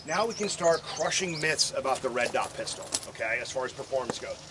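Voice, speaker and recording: A man's voice: mid-range voice, expressive, brisk. Profane, joking male firearms instructor. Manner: joking, profane, quizzes the class. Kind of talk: live class lecture. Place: outdoor shooting range. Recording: noisy outdoor recording.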